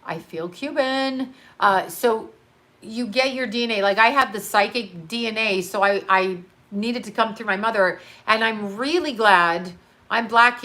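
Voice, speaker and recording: A woman with a bright, forceful voice hosts a casual livestream. She speaks as a psychic medium and answers her chat in a blunt, loose way. She swears freely and laughs often as she talks. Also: medium pitch. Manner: talks straight to her chat, reads out comments and riffs. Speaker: psychic medium answering live viewer questions.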